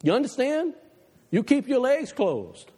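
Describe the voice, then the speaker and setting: A man preaching a passionate sermon to his church, dropping low and quiet for the advice he quotes, then climbing again. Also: big pitch swings, unhurried, breathy edge, big-room sound. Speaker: pastor. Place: church sanctuary.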